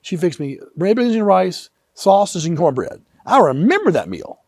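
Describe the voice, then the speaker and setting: A man in his fifties, an author telling personal stories in an earnest, animated way. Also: sits high, moderate pace, dry recording, clean studio sound. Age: 50s. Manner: animated, earnest, vivid retelling. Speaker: author and guest. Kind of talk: emotional personal storytelling.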